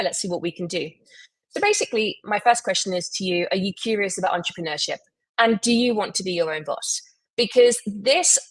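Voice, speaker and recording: A woman hosting a live recruiting show, pitching job openings briskly with frequent "um"s. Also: dry recording, poor audio.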